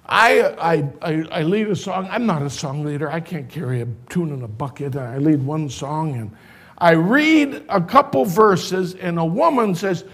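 An older man, a pastor, telling a personal story in a sermon, animated at first and later quiet and tender. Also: fairly high pitch, measured pace.

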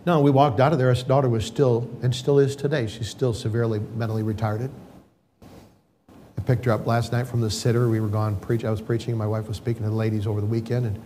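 A man's voice: mid-range voice, flat delivery, fairly quick, dark tone, slight background noise. An older man, a pastor, telling an emotional personal story in a sermon, rambling with restarts.

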